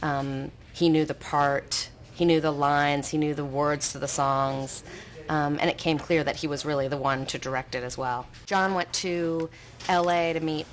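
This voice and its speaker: A woman talking in a documentary interview in a measured, deliberate way. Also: sits low, fairly even intonation, a little hiss or hum.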